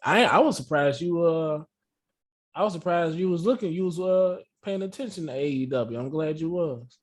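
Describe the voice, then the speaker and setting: A man's voice: a little high, expressive, moderate pace. A man co-hosting a podcast in casual chat, easygoing, often agreeing and repeating phrases back. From Chicago area. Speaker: podcast co-host.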